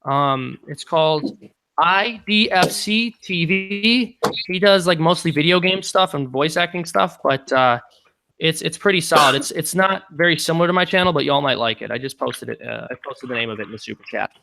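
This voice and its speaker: A man hosting a casual live-stream Q&A, chatty and halting, with many ums. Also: on the high side, vocal fry, bright, forceful tone, slight background noise. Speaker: channel host.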